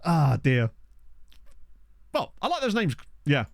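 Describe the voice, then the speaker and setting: A man giving casual, excitable let's-play commentary, chatting to his viewers from a desk mic. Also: a little high, slow, gravelly, no echo, studio quality. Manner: chatty, excitable, talks to chat. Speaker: game streamer. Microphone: desktop USB microphone.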